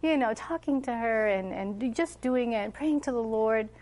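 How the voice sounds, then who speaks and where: A middle-aged woman with a fairly high voice tells stories about raising her children. She is animated and acts out the lines she and her children said. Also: moderate pace. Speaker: homeschooling mother giving a talk. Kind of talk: casual storytelling talk.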